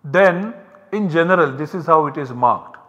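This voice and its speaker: A man giving a university lecture, explaining step by step in a slow, methodical way. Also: on the high side, lively intonation, a bit bright, long reverb tail, lo-fi sound.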